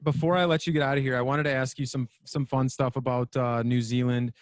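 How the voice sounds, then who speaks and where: A man's voice: medium pitch, little pitch movement, fairly quick, no echo, clean studio sound. A man hosting an interview, chatting casually with frequent restarts. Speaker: show host.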